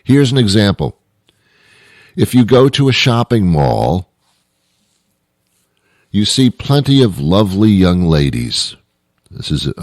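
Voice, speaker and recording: Deep-voiced man rambling through a comic monologue. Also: a little mellow, no echo, studio quality. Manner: rambling, self-deprecating, with stumbles and restarts. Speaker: host. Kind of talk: comedic monologue.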